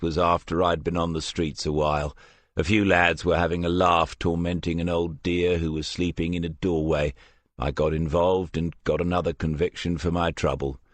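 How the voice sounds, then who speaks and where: A man's voice: low-pitched, no room sound. A man reading the part of a weary lay brother and former convict who talks in a dry, blunt, self-mocking way, in an audiobook.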